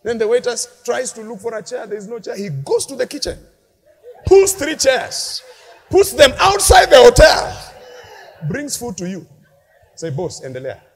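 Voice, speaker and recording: A male pastor preaching a lively sermon in a large church hall, mixing shouted peaks with playful asides. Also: very high-pitched, normal speed, pauses often. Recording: long hall reverb from a church.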